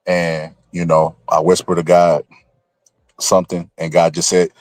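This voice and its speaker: A man hosting a casual online show, teasing his co-host and telling jokes with quick put-on voices. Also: sits low, fairly even intonation, darkish tone, no room sound. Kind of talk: casual trash-talk banter.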